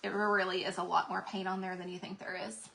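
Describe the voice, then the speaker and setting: A woman's voice: mid-range voice, little pitch movement, a little fast, gravelly, pushed and bright. A woman hosting a live craft stream, chatting casually and greeting viewers by name while she paints, a bit out of breath. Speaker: craft livestream host. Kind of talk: live craft demonstration chat.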